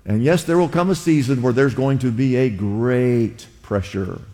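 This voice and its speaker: A man's voice: mid-range voice, normal speed, mellow. A man preaching a sermon, teaching his congregation and calling on them to repeat words after him. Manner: teaching, engages congregation with call-and-response; many fillers and restarts, emphatic rises. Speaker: pastor. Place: church sanctuary. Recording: long reverb of a hall.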